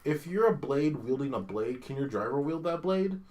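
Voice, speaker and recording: A man's voice: fairly high pitch, expressive, normal speed, darkish tone. A young man casually chatting on a podcast, ranting with profanity and exasperation and doing mocking impressions of characters. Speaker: podcast co-host. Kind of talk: casual chat.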